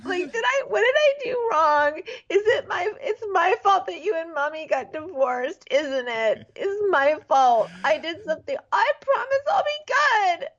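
A weepy young woman, as a woman puts her on, high and whiny, begging like a little girl. The sound is a bit dull and lo-fi. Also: sing-song, unhurried, hardly any pauses, exaggerated voice. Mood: weepy pleading. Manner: whiny, sobbing, childlike. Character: young woman contestant, crying and pleading.

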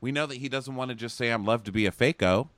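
A man's voice: medium pitch, fast, fairly bright tone, no echo. A man co-hosting a podcast, casually recapping a reality show in a gossipy, sardonic way and acting out quotes. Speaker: podcast co-host.

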